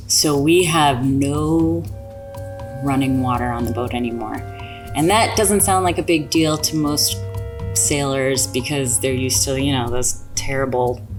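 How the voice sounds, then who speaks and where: A woman in her thirties, a sailing show host, telling boating mishaps in an animated, self-mocking way. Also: a bass voice. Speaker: sailing YouTube host and captain. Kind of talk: storytelling interview chat.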